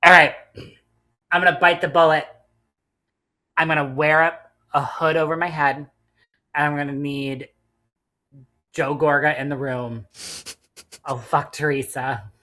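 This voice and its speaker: Low-voiced woman, profane and dramatic. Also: fairly even intonation, a little slow, long pauses, bright, forceful tone. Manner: profane, dramatic outrage played for laughs. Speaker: podcast co-host. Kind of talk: casual podcast chat.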